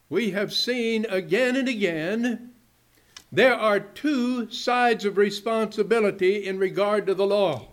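A man preaching a sermon in a measured way, dropping low and soft at the ends of phrases.

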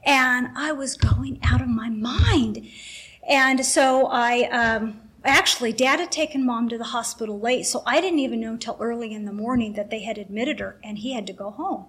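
Middle-aged woman, kinda husky and highish, rambling emotional testimony, acts out the convos. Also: moderate pace, a bit bright. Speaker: speaker sharing a testimony. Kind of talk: personal testimony to a faith group.

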